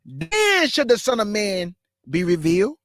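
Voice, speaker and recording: High-voiced fast-talking preacher man. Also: wildly swooping pitch, a bit bright, dry recording, studio quality. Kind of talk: live-streamed bible teaching.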